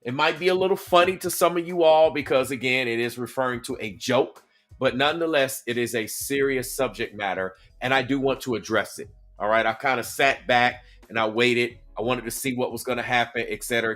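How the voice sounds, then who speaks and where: A man with a Southern American accent hosting a livestream, greeting viewers in the chat by name and talking in an animated, repetitive way. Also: medium pitch, a little fast, faint music behind. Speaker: host. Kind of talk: livestream commentary.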